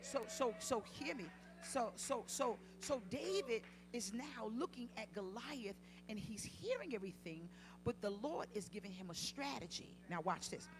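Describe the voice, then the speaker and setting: A woman preaches a sermon with a fairly high voice. She drops low and then rises to loud, passionate peaks. Humorous asides break up her delivery. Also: expressive, normal speed, background noise. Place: church sanctuary.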